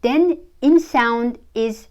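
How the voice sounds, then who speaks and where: Woman teaching pronunciation, slightly high voice, slow and careful, says every example over and over. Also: a little mellow. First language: Mongolian. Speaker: language teacher. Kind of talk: pronunciation lesson.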